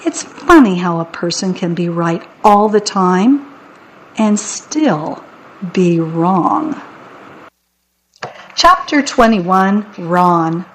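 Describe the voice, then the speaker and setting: A woman narrating a children's audiobook in a wry, deadpan way. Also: fairly low pitch, drawn-out words, long pauses, slight background noise, poor audio.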